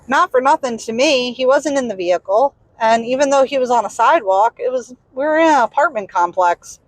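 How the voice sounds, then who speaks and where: Casting note: young woman, Southern US accent, bit higher voice, candid storyteller with animated ups and downs. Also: moderate pace, no room sound, low-quality recording. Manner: candid, exasperated, animated retelling. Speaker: vlogger. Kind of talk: casual storytelling. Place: in a vehicle.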